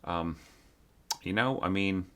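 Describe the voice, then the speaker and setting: A low-sitting voice, a bit bright and clean in tone, comes from a man teaching orchestration. He gives a casual score critique, speaking haltingly with many fillers and singing phrases to show what he means.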